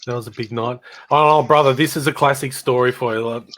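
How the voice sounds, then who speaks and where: A man's voice: mid-range voice, steady tone, a little fast, a bit bright. A middle-aged Australian man telling rambling stories about his old band in casual chat, laughing and imitating people as he goes.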